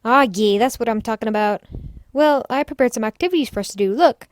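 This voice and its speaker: A woman's voice: fairly high pitch, fast, natural voice. Woman reading as a bubbly bossy schoolgirl. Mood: teasing. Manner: pushy, excited, loud. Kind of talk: reading a visual novel aloud.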